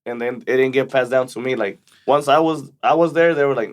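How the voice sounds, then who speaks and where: A young man co-hosts a casual podcast chat, telling rambling work stories with frequent restarts. His voice is medium-pitched and brisk.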